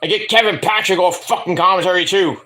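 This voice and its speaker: A man's voice: sits high, steady tone, fast talker, pushed and bright, slight background noise. A man giving a casual review vlog, rambling and swearing, mocking people as he goes. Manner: rambling, profane, mocking rants. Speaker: wrestling show reviewer.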